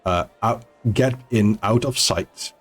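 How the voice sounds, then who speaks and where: A man narrating a tabletop game as game master, halting and full of restarts. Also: on the low side, soft background music.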